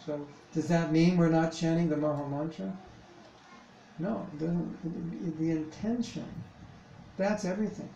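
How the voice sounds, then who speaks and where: A man's voice: on the high side, fairly even intonation, normal speed, gravelly, warm tone, dull audio. A man leading a devotional chanting workshop in a temple hall, talking conversationally with rhetorical questions and frequent "you know"s. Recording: echoey hall, distant mic, background noise.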